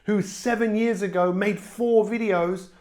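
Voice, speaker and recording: Man, middle-aged, life coach, motivational talk, emphatic delivery, voice on the high side. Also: fairly even intonation, a little slow. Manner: emphatic, with big swings in pitch and loudness.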